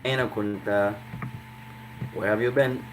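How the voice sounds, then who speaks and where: Man drilling Arabic words slowly. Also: on the low side, steady tone, a little hiss or hum, low-quality recording. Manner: drills new words by slow repetition; mixes Arabic and English, addresses students as brothers. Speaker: Arabic teacher. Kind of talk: language class instruction.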